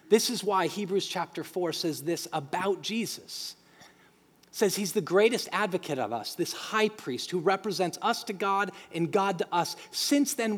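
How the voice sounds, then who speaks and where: Male pastor, lively high voice, emphatic sermon delivery, church hall reverb. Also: husky. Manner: animated, emphatic preaching with acted quotes. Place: church sanctuary.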